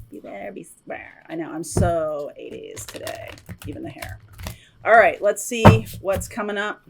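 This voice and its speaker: A woman's voice: medium pitch, noisy background. A woman giving a casual, chatty tarot reading to her viewers, talking intuitively with many fillers and asides. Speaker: tarot reader.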